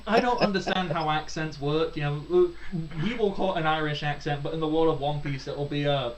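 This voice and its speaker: A man's voice: fairly high pitch, brisk, poor audio. A man running a tabletop role-playing game as game master, rambling and joking at his own expense. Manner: rambling, self-deprecating, swears casually. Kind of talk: narrating a tabletop game, casual chat.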